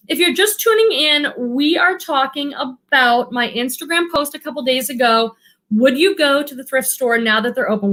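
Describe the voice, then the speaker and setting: A woman's voice: high voice, fairly bright tone. A woman who resells thrifted goods online, chatting casually on a livestream and reading viewer comments aloud.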